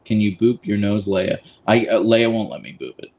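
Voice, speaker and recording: A man hosting a casual live stream, rambling in a friendly way with lots of fillers, speaking into a boom mic. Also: lively intonation, normal speed, gravelly, a little mellow, lo-fi sound. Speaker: livestream host.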